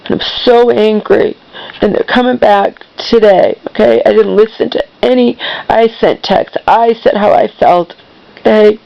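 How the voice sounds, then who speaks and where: A woman's voice: a little high, steady tone, measured pace, creaky, muffled recording. A woman vlogger venting in a heated, swearing, repetitive monologue.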